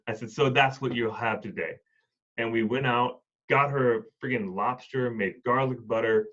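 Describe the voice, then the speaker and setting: A man's voice: medium pitch, steady tone, fairly quick, sharp tone, lo-fi sound. A man telling heartfelt stories about hospice patients in a casual conversation, acting out both sides of the dialogue. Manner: reflective, acts out dialogue in stories. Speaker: hospice and home health worker, former Marine.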